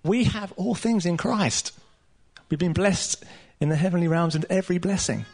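A man preaching a sermon to a room of listeners, earnest and emphatic, with casual asides and pauses. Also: sits high, vocal fry, darkish tone. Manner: casual asides with light laughter. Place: room with a live audience.

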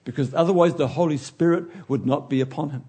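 Husky man preaching a lively sermon. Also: on the high side, fast talker. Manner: animated, acts out biblical figures, loses his place and laughs.

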